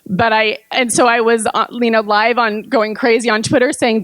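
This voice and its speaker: A woman's voice: fairly high pitch, level tone, moderate pace, hardly any pauses, no echo. A woman at a conference speaking candidly and earnestly about her table's discussion, often laughing. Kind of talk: candid public remarks. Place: conference room.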